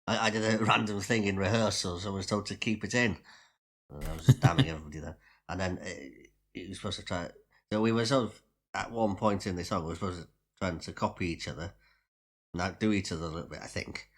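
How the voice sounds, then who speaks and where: A man's voice: low voice, fast talker. A man in a casual podcast chat among friends, playful and jokey, talking over a video call. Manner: playful, jokey, bursts of loud teasing. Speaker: podcast co-host.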